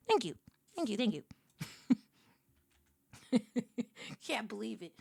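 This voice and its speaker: A woman with a New York accent, chatting casually with her stream viewers, animated and quick to laugh. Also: a little high, creaky, slightly rough. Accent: New York City. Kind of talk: casual live-stream chat while picking a game.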